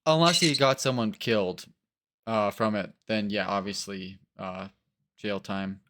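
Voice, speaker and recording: A man chatting casually in a reaction video, rambling and animated, often acting out other people's voices. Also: fairly low pitch, a little slow. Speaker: co-host.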